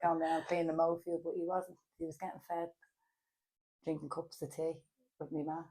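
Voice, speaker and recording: A woman from Ireland with a Dublin accent, a podcast guest in casual chat, hesitant with many fillers, animated when telling stories. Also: deep voice, normal speed.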